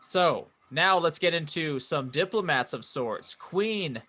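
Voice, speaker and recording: Man co-hosting a comedy podcast, bright voice, slow relaxed delivery, chuckling. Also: fairly high pitch. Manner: reads out facts, stumbles on names, laughs easily. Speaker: podcast co-host. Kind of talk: casual comedy podcast chat.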